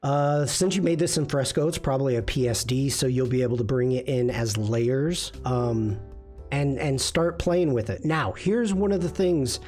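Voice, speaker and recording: Unhurried, chatty male livestream host. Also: fairly high pitch, a little mellow. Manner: chatty, self-deprecating, many fillers and restarts. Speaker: livestream host and design instructor. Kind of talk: casual livestream critique.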